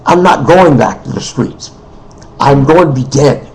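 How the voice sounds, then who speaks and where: A man speaking in an unscripted personal monologue, emotional and weary, halting, repeating himself and often clearing his throat. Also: on the high side, poor audio. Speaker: person making a personal appeal.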